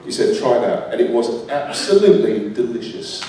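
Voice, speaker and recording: A man's voice: mid-range voice, sing-song, moderate pace, mellow, slight background noise. British man chatting in an echoey hall. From United Kingdom. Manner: chatty, laughs often. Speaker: convention panel guest, actor. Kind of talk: live panel Q&A. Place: large convention hall. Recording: echoey hall, mic from far.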